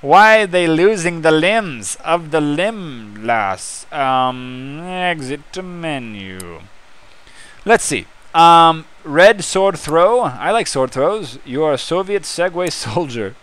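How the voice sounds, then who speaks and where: A man hosting a let's-play, mumbling through menus and bursting into excited yells at the game. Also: on the high side, slow pace, clear, resonant tone. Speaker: gaming channel host.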